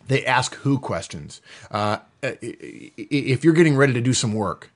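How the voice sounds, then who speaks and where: A middle-aged man hosting a podcast, explaining in a casual, animated way and acting out quoted voices. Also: mid-range voice, moderate pace. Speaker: podcast host.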